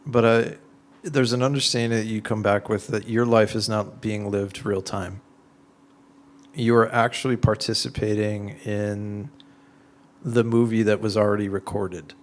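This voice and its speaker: A man answering audience questions in an informal talk, explaining his ideas through conversational, animated everyday examples with lots of "like"s. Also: lowish voice. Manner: conversational, animated storytelling with many "like"s.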